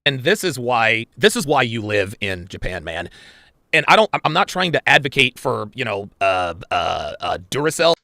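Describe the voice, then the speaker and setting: A man with a gravelly, bright voice talks bluntly in casual podcast banter, his pitch swinging widely as he repeats his points. The clip audio is dry and close. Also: sing-song, normal speed, no echo. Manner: blunt, emphatic, repetitive.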